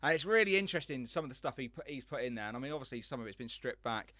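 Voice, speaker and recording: Guy, bright forceful voice, dry close sound, rambly excited chat. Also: medium pitch, very fast, no echo. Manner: enthusiastic, rambling storyteller. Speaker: podcast host. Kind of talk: casual chat.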